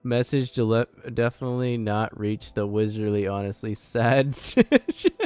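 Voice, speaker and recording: A man's voice: fairly low pitch, expressive, moderate pace, a little mellow, clean tone, dry recording, soft background music. A man live-streaming a game, chatting casually and rambling, laughing often and sounding flustered.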